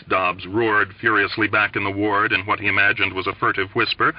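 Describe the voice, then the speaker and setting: A man reading a novel aloud in a measured, expressive way. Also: on the low side, dry recording, recorded from a distance. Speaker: audiobook reader. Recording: dull lo-fi recording.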